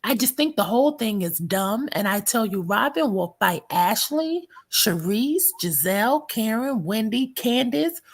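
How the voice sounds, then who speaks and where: A woman hosting a reality TV recap show, blunt and sarcastic, with a quick put-down for everyone she talks about. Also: on the high side, animated, breathy edge. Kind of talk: sassy reality TV recap commentary.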